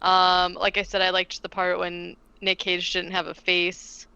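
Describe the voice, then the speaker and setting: A woman's voice: lowish voice, completely flat delivery, unhurried, vocal fry, bright, forceful tone, clear, resonant tone, no echo, muffled recording. A woman in a casual podcast chat who rambles with lots of fillers and dry jokes.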